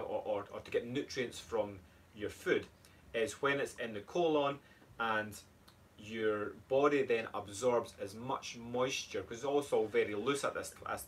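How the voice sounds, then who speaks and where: A man's voice: medium pitch, a bit bright. Easygoing Scottish man explaining. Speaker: co-host, fitness coach. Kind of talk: casual chat. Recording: distant mic, faint room noise.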